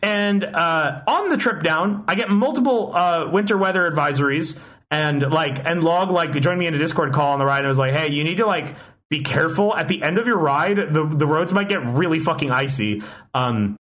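A man's voice: fairly high pitch, expressive, normal speed, fairly bright tone. A young man telling a long story in casual chat, rambling with many restarts and frequent swearing.

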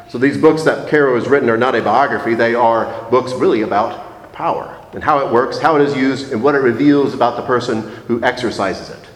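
A man preaching a reflective, measured sermon, slowing down to stress key phrases. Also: medium pitch. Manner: measured, reflective, slows for emphasis. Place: church sanctuary. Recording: echoey church hall.

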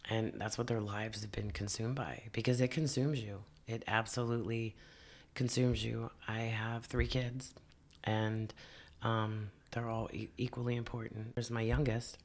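A man with a low, gravelly voice and a lot of fry. He speaks earnestly and haltingly, starting over mid-sentence as he chats in a podcast conversation. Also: little pitch movement. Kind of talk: casual conversation.

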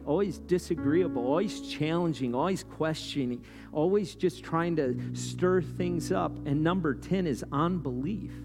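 High-voiced man preaching with rising fervor. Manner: conversational preaching, often asks "right?"; pitch and volume climb steeply when worked up. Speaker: pastor. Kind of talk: sermon. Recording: long hall reverb with guitar playing underneath.

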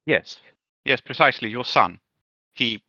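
A man role-playing a polite, scheming gentleman in a tabletop game, speaking formally with hesitant restarts. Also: medium pitch, expressive, a little slow, no room sound, lo-fi sound. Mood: courteous. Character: polite, scheming man making a grave request.

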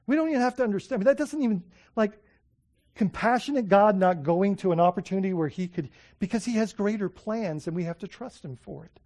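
A man preaching a sermon, telling stories with excitement, often restarting his sentences. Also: sits high, quick pace. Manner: excited storytelling, many restarts and fillers. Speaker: pastor.

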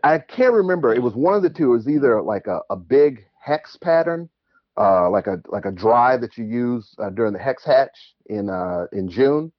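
A man's voice: medium pitch, no echo, highs cut off. A man calling in to a show and telling stories in a casual, chatty way, laughing easily. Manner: animated, chatty, quick to laugh. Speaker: caller. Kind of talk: casual storytelling.

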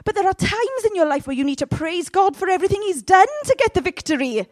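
A woman giving a sermon in a humorous, conversational way, with sudden loud, high outbursts. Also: lively intonation, fast talker, no room sound. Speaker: preacher.

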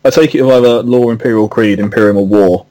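A man's voice: on the low side, fairly even intonation, fast talker, warm tone, no room sound, rough recording. A man playing in a tabletop role-playing game, talking in a laconic, matter-of-fact way. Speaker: player. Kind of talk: casual tabletop game play.

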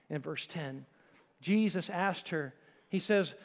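A man preaching a sermon with emphasis, swinging between forceful lines and hushed ones. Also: a little high, takes it slowly, in a large hall. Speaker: pastor.

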